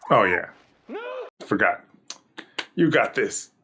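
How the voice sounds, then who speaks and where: A man with a gravelly, fry-edged voice sitting a little low in pitch. He comments in a loose, jokey way, laughing often as he reacts. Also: animated, slow, pushed and bright, slight background noise. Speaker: reaction video host.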